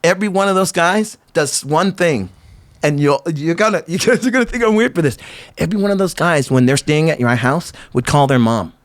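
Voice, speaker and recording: A middle-aged skateboarder who owns a company tells rambling stories as a guest in a casual storytelling interview. Animated and brisk, with a slightly high voice, he fills his talk with "like" and restarts.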